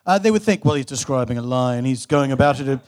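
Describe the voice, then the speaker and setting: A man's voice: mid-range voice, animated, quick pace, darkish tone, natural voice. A man playing a pompous, theatrical Victorian author who hosts a live comedy show, with an exclamatory delivery. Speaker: host. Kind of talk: live comedic character performance.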